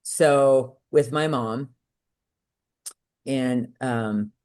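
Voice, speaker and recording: A middle-aged woman, a podcast guest, telling a personal story in candid conversation and acting out quoted voices with sudden jumps in pitch. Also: extremely slow, darkish tone.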